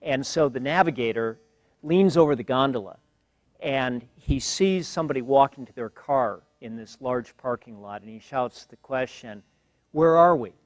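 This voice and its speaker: An older man addresses a university class as guest speaker. He talks in a measured, dryly humorous way, stopping often to gather his words. The sound is close and dry, with little room echo. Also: mid-range voice. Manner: measured, wry, frequent pauses and fillers. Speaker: guest lecturer. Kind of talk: university lecture. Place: lecture hall.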